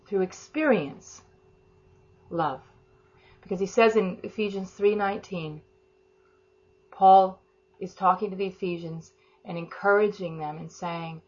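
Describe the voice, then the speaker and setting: A woman leads an informal devotional talk, praying and telling stories in a soft, fervent, meandering way. Her pitch sits in the middle range, and she often stops and restarts her sentences. The recording is slightly dull and lo-fi. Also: slightly rough. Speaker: prayer and teaching leader.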